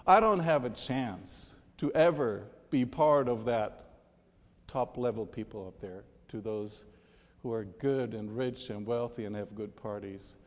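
Bitter slighted son, as a preacher puts him on. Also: male voice, mid-range voice, measured pace, natural voice. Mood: resentful. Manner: complaining, self-pitying. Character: resentful, bitter illegitimate son of a ruler, male. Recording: long hall reverb.

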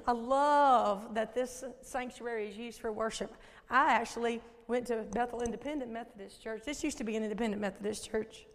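A Southern American woman in her fifties preaching a lively, folksy sermon in a church sanctuary and questioning the congregation. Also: on the high side, moderate pace. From Southern United States. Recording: echoey church hall.

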